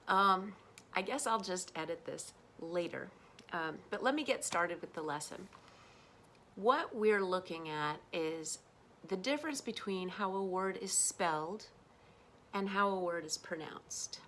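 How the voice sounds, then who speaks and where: A woman's voice: lowish voice, lively intonation, a little slow, a bit bright, a little hiss or hum. A woman with an American accent teaching English pronunciation in a casual, unscripted lesson, patient and full of ums as she demonstrates sounds.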